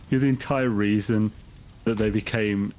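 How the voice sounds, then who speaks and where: A man's voice: lowish voice, steady tone, slow, darkish tone, soft background music, poor audio. A man, a fellow streamer, trading crude, teasing banter in casual chat.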